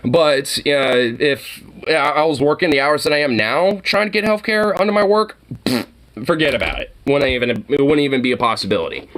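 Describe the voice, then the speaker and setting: A man with a fairly high voice rants to camera, worked up and cursing at every turn. His talk rambles, stacked with fillers and restarts as he vents. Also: expressive, moderate pace, a bit bright. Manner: heated, profane, rambling with many fillers. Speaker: vlogger. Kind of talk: angry monologue venting to camera.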